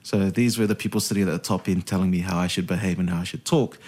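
Kiwi radio guy, lowish voice, swears a lot, acts out the people in his stories. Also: fast. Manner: animated storyteller, swears freely, acts out quoted voices. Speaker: radio host, interview guest. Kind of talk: casual interview storytelling.

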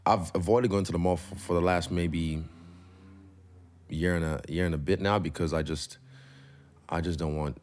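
Deep-voiced man talking candidly. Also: steady tone, moderate pace, pauses often, darkish tone. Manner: loose, rambling, swears freely. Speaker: interview guest, pro fighter. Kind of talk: candid casual conversation.

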